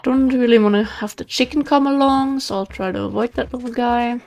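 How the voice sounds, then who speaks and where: A woman's voice: fairly high pitch, fairly quick, a little mellow. A woman casually talking through her game as the host of a let's play, chatting to the animals on screen. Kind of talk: casual gameplay commentary.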